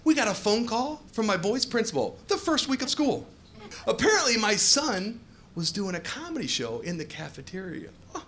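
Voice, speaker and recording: A man in his forties doing an animated stand-up comedy set on a club stage, telling stories and jumping into shouted asides, with audience laughter in the recording. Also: sits high, moderate pace, slight background noise.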